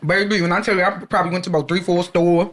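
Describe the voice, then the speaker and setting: A woman's voice: on the low side, steady tone, racing. A young adult woman co-hosting a podcast, telling a story in a casual chat, swearing and acting out the lines she quotes. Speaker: podcast co-host.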